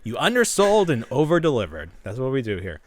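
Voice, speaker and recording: A man co-hosting a podcast in casual chat, animated and joking, swearing casually. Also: mid-range voice, brisk. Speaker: podcast co-host.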